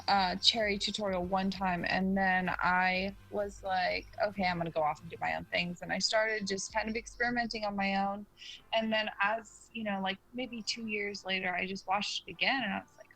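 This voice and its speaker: Bright-voiced American woman co-hosting a livestream. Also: mid-range voice, fairly even intonation, normal speed, poor audio. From USA. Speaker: co-host. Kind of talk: casual livestream chat.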